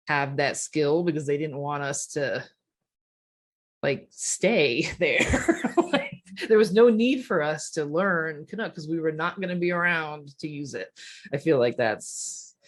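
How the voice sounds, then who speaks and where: A woman in her forties from Rhode Island, a podcast guest chatting casually with lots of fillers and laughter. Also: sits low. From Rhode Island, USA. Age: 40s. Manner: rambling, filler-heavy, laughing storyteller. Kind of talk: casual chat.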